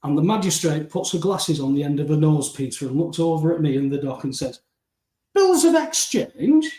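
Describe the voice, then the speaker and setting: A man with an animated storytelling manner, acting out dialogue as a guest in a casual interview. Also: a little high, quick pace. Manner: animated storytelling, acting out dialogue, often addressing the host by name. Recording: roomy, distant mic.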